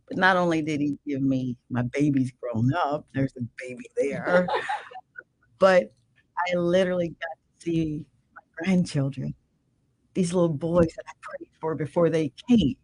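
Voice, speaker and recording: Husky older woman giving emphatic testimony. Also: deep voice, unhurried, darkish tone, no room sound, rough recording. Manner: emphatic, preacherly, calls listener "man". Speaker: guest, radio show host. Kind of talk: emotional personal testimony.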